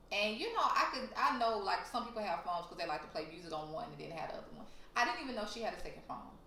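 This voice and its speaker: A woman's voice: mid-range voice, expressive, fast, few pauses, sharp tone, a little hiss or hum. A young woman vlogger telling a storytime to her viewers in a blunt, profane, heated way. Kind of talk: casual storytelling to camera. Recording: roomy echo.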